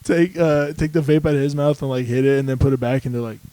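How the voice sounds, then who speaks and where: A young man co-hosting a podcast, telling laid-back stories in casual chat and mimicking other people in higher voices. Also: fast talker, dark tone, clear, resonant tone, dry recording, rough recording. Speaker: podcast co-host.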